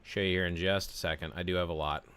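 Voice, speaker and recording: A man's voice: low voice, steady tone, fast talker, fairly bright tone, clean tone. A man in his forties chatting casually on a game livestream, explaining what he does while answering viewers. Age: 40s. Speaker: game streamer.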